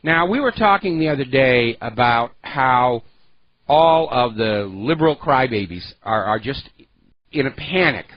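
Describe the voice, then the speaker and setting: A man's voice: mid-range voice, no echo, dull audio. A man hosting a political talk radio show, delivering an opinionated, sarcastic monologue with heavy emphasis.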